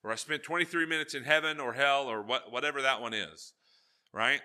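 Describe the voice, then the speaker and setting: A male pastor preaching a sermon, telling jokey stories and swinging between loud asides and hushed, earnest points. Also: medium pitch, fairly quick.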